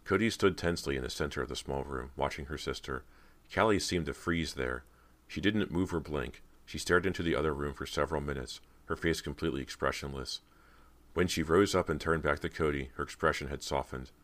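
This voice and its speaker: Deep voiced guy reading spooky audiobook, steady dramatic narration. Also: brisk. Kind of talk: scripted narration.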